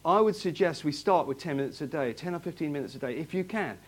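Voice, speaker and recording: A man preaches to his congregation in a loose, conversational way. He asks the room question after question and restarts his phrases as he goes. His voice sits a little on the high side. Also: expressive, quick pace. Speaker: pastor. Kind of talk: sermon. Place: church hall, in front of a congregation.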